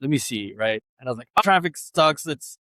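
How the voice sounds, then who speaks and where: Recorded close and dry on a studio microphone with no echo, this guest DJ is a young adult man sharing stories in a casual podcast interview. His delivery is brisk, slangy and loose, full of fillers. Whenever he quotes someone, his pitch jumps up and he acts out the voice with lively energy.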